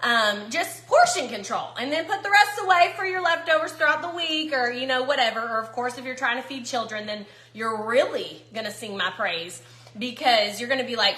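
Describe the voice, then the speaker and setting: A woman's voice: a little high, lively intonation, moderate pace, pushed and bright, echoey room, slight background noise. A woman chatting casually to viewers while cooking in her home kitchen. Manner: chatty, folksy, talks to viewers as y'all. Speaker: cooking vlogger.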